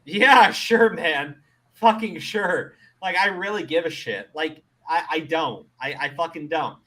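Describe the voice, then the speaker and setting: Unhurried and a little high in pitch, the voice is that of a Middle Eastern commentary host on a relaxed show. Swearing runs all through his rant, laughter comes often, and each restart brings a stammer with it.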